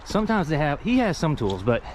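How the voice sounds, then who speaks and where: A man's voice: fairly high pitch, big pitch swings, brisk, slight background noise. A man casually narrating a vlog while hiking through an outdoor junkyard, out of breath, chatty and rambling as he goes. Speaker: vlogger.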